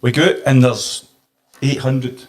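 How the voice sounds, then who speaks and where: A Scottish man, a former football manager, telling an animated story on a podcast. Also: medium pitch, unhurried. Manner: animated anecdote-telling, gets emotional.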